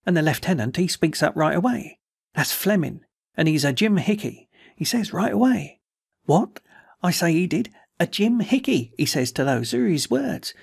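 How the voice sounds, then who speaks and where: A man plays an eager young soldier in a storybook, rushing through his news and mimicking others' voices. His voice is raised and gravelly. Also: fairly high pitch, sing-song, voice pushed up, exaggerated voice. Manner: eager, breathless retelling with mimicked quotes.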